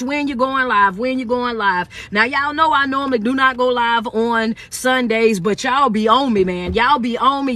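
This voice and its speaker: A high-voiced woman with a bright, ringing tone runs a live stream from her phone. She speaks as a motivational coach, chatty and energetic. Her talk rolls in a preacher-like call-and-response. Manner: chatty, greets viewers one by one. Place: on the road.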